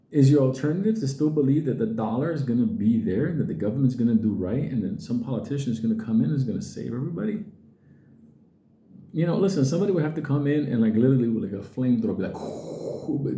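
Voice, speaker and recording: A man's voice: medium pitch, warm tone, roomy sound. A middle-aged man ranting casually to his viewers, blunt and profane, who often mimics other people's voices. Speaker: crypto video host.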